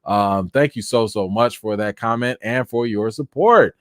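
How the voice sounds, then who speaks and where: A man hosting a casual live chat, answering viewer comments in an animated, talkative way, and by now tired, with his voice wearing out. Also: on the low side, measured pace, no echo, studio quality. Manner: animated, chatty, thanks viewers by name. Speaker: live-stream host.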